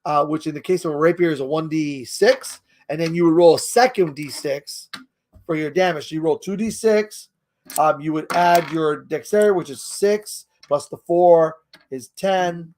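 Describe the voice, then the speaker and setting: A man's voice: a little high, normal speed, darkish tone, a little hiss or hum. A man hosting a casual tabletop game tutorial, explaining the rules in a rambling way and chuckling often. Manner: rambling, chuckles often, trails off while searching.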